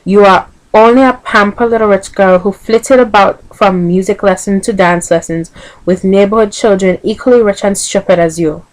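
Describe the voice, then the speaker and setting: A woman's voice: medium pitch, normal speed, lightly acted, rough recording. A woman with a Vincentian accent voicing a fierce, stubborn old nanny while reading a book aloud. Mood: insistent.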